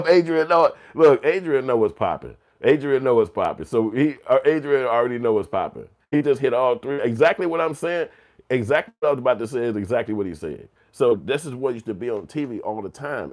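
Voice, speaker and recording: A middle-aged man, telling casual, profane, animated stories as a commentary host. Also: on the low side. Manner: animated storytelling, swearing and slang.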